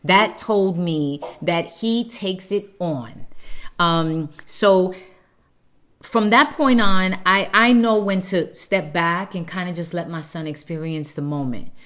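A woman's voice: on the low side, takes it slowly, a bit bright. A woman earnestly telling a heartfelt personal story about her family as a mother.

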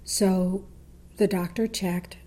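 A woman's voice: medium pitch, steady tone, slow pace, mellow. A middle-aged woman telling a personal story, acting out quoted voices and dropping to near whispers. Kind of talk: personal story told to a listener.

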